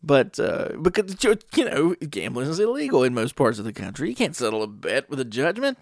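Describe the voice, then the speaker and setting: A man's voice: mid-range voice, very animated, fairly quick, creaky, dry recording, studio quality. A middle-aged man hosting a casual podcast monologue, rambling and wry, often acting out other people's voices. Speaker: podcast host.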